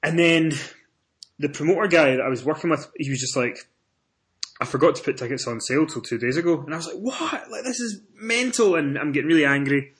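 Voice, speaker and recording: Animated man telling a story on air. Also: fast. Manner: animated storytelling, rises in pitch and volume when excited. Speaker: podcast co-host. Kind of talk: casual wrestling chat.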